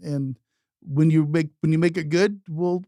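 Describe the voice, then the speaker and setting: Man, podcast co-host, gravelly voice, bit higher pitched, blunt joking chat. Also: fairly even intonation, measured pace, dark tone, dry recording. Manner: blunt, joking, plain-spoken.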